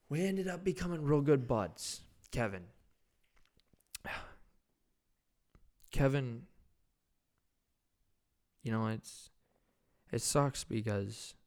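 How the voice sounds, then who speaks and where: A young man hosting a podcast, telling a loose, profane, rambling anecdote in casual chat. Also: medium pitch. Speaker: podcast host.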